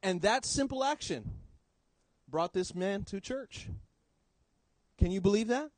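A man preaching a sermon in church, swinging between loud emphasis and quiet low drops. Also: expressive, unhurried, no room sound, low-quality recording.

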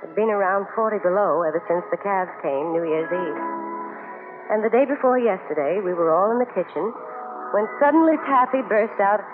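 An actress playing a wry, steady young woman who narrates in 1940s radio drama style, dry and teasing. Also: mid-range voice, normal speed, over music, natural voice. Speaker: narrator and farm wife. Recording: tinny, hissy old radio broadcast.

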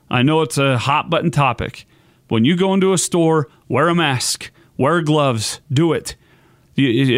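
Young male sports podcast host, sarcastic ranting monologue, slightly high voice, dry close mic. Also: a bit bright, dry recording.

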